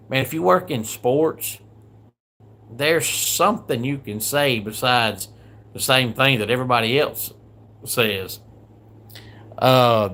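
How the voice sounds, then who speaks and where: A man's voice: medium pitch, bright, forceful tone. A man with a Southern US accent, hosting a live stream, chatting casually and grumbling through a countdown while greeting viewers from the comments. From American South. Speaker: livestream host. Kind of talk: casual livestream countdown chat.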